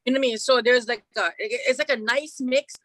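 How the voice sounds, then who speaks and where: Woman, middle-aged, bright, slightly high, dry close sound, animated storyteller. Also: fast, no room sound. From Hawaii. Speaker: radio morning show host, guest. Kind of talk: casual storytelling chat.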